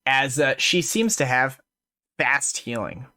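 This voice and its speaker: A man's voice: mid-range voice, very animated, slow pace, pushed and bright. A man narrating and running a tabletop fantasy game as game master, in a casual way with many fillers.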